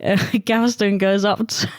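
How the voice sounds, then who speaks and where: A woman co-hosting a casual chat, animated, laughing often and swearing freely. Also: medium pitch, measured pace, no echo, clean studio sound. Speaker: podcast co-host.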